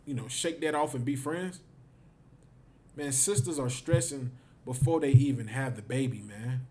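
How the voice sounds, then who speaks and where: A man's voice: mid-range voice, normal speed, a little mellow. A man teaching a livestreamed scripture class, emphatic and repetitive, often tagging his phrases with "man". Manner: emphatic, repeats himself, ends phrases with "man".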